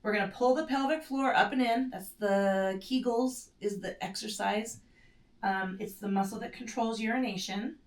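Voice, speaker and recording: A woman's voice: medium pitch, normal speed, far from the mic. Woman cueing pilates in an echoey room. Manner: cueing while doing the moves, strained short breaths; casual, self-correcting, with fillers. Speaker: pilates instructor. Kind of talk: guided exercise instruction. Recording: echoey room, set back from the mic.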